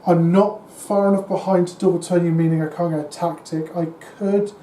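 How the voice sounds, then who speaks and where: A man's voice: sits high, steady tone, fairly quick, mellow. A man co-hosting a tabletop wargame battle report, talking in a tired, rambling, self-mocking way. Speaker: tabletop wargame player and co-host. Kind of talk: casual battle-report chat. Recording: echoey room with faint hiss.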